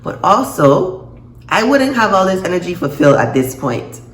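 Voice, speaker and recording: A woman reviewing a TV episode in a casual vlog, expressive and quick to laugh and gasp. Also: on the low side. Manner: expressive, reacts with laughs and gasps. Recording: echoey room, faint noise.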